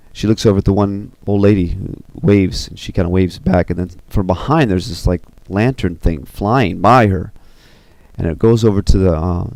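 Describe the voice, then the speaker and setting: A man casually pitching a film story scene by scene, loose and rambling with many fillers. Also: a little mellow, no room sound. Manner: loose and rambling, full of 'you know' and 'kinda'.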